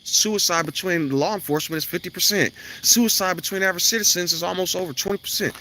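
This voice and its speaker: A man's voice: high voice, fast, hardly any pauses, sharp tone, a little hiss or hum. A man delivering a blunt, profane, preachy monologue outdoors near his house. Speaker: self-styled spiritual vlogger. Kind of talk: ranting monologue to camera.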